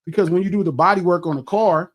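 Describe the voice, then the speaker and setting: This middle-aged man hosts a podcast, spinning a long, casual, profanity-heavy story and animatedly acting out his own quotes to others. His voice is high-pitched and fast, with a noisy background.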